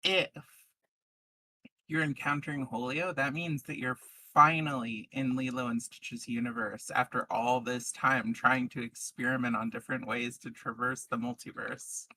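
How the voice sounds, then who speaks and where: Brief: tabletop game master, bright tone, mid pitch, relaxed and jokey. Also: normal speed, hardly any pauses, a little hiss or hum, rough recording.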